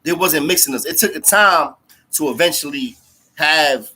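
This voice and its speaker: A man's voice: on the high side, moderate pace, pushed and bright, slightly rough. A man telling a story in casual, slangy speech full of fillers and profanity. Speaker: storyteller recounting jail time.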